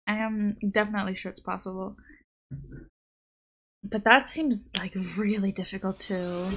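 Young woman vtuber rambling on stream, lots of likes and ums, middle pitch. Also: little pitch movement, normal speed, pauses often, a bit bright. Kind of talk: casual live-stream chat.

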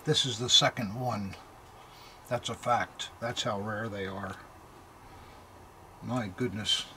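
An older man talks through an unboxing in a relaxed, hesitant way, pausing on fillers and letting out amazed asides. Faint noise sits under the recording. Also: on the low side. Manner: hesitant, full of fillers and awed exclamations. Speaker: militaria dealer hosting unboxings. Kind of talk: casual unboxing chat.

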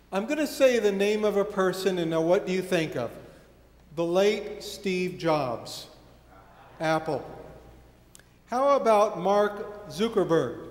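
A man in his sixties, a pastor preaching a sermon in a church, reading scripture, praying and quizzing his congregation. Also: sits high. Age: 60s. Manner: reads scripture, then leads prayer and quizzes the congregation. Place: church sanctuary. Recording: echoey church hall from far off.

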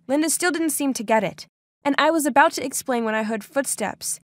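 Expressive young woman narrating a story. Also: fairly high pitch, normal speed, dry recording. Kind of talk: first-person story narration for an animated video.

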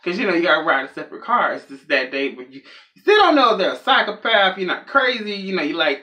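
A man's voice: high-pitched, very animated, quick pace, sharp tone. A young man telling a rambling, self-mocking comedic story as a vlogger. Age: young adult.

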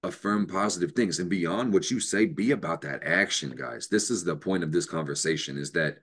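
A man's voice: sits low, normal speed, fairly bright tone, slightly rough. A man hosting an astrology show, giving an unscripted motivational talk, emphatic and profane, with bursts of laughter.

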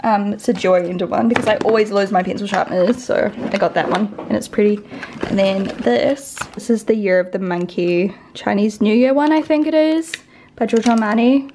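Against a noisy background, a young woman from New Zealand vlogs about beauty at home in a mid-range voice at normal speed. Her chat is casual and rambling, full of "like" and "um," with a slight lisp.

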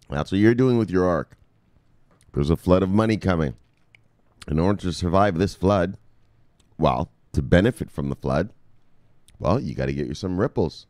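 A man with a very low voice swoops up and down as he preaches a mock sermon about crypto. His delivery is crude and joking, and the dry, close sound leaves no room echo. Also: animated, moderate pace, long pauses, darkish tone. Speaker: crypto video host.

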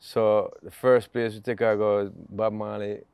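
A middle-aged Jamaican man telling stories in a relaxed, easygoing interview chat, laughing often. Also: fairly low pitch, normal speed, clear, resonant tone, no echo. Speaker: guest musician.

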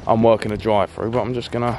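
A man's voice: on the low side, fairly even intonation, racing, slight background noise. A young man talking to camera in a vlog, nervous and hesitant. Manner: nervous, whispering asides, then yelling. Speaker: vlogger. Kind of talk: handheld vlog commentary.

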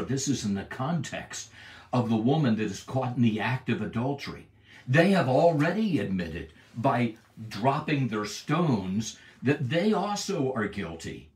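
A man giving a Bible lesson in a deliberate, emphatic way, asking his listeners rhetorical questions. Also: medium pitch, a little mellow, echoey room, far from the mic. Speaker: Bible teacher. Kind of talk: Bible teaching.

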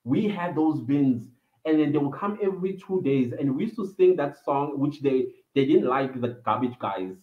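Male vlogger telling a story, mid-pitched, rambling, tinny phone-like sound in an echoey room. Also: lively intonation, moderate pace. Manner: reminiscing, meandering with fillers. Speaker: vlogger hosting a livestream. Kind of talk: personal storytelling.

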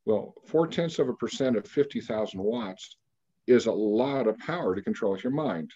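A man in his sixties from Kansas, a radio interview guest telling a story at a measured pace with frequent pauses and fillers. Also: mid-range voice, expressive, vocal fry, mellow, breathy edge, highs cut off. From Kansas, United States. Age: 60s.

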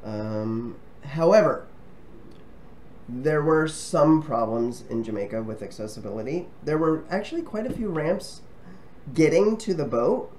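A man's voice: fairly high pitch, lively intonation, measured pace, a little mellow, slight background noise. A man casually talking to camera as a travel vlogger, friendly and rambling, with frequent ums and restarts. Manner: friendly and chatty.

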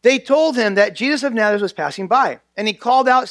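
A man with a notably high voice delivers a church sermon. He speaks earnestly and drives points home by repeating key phrases. The sound is dry and close, with little room echo. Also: animated, fast talker, a bit bright. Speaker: pastor.

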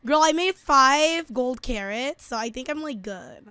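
Hosting a gameplay video, a woman chats casually as she plays, giggling, calling her friend "girl" and chanting playful taunts. Her high-pitched voice has lively intonation, a measured pace, and a sharp, clear, resonant tone with no echo.

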